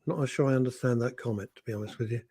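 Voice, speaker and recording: Brief: male radio co-host with a husky, mellow tone and a wry, rambling delivery. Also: mid-range voice, racing. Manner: rambling, wry, loses his thread. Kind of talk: casual radio chat.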